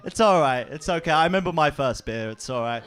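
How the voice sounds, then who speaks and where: A young man doing an animated stand-up set on a comedy club stage, jumping into voices for his bits. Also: fairly high pitch, a crowd in the background. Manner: animated, acts out voices in quick bursts.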